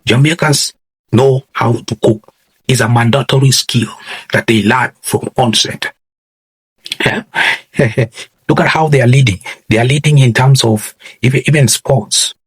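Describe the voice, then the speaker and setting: A man's voice: mid-range voice, slightly rough. A man hosting a commentary video, talking emphatically and repeating phrases as he addresses his viewers. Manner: repeats "ladies and gentlemen", emphatic and preachy. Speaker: commentary channel host. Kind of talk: reaction commentary to camera.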